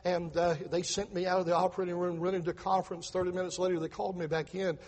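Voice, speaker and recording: A middle-aged man delivers an earnest testimony sermon, retelling events with repeated words and acted-out voices. His voice sits high and sounds husky. A long reverb trails behind him. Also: little pitch movement, fast, a little mellow. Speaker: preacher, father telling testimony.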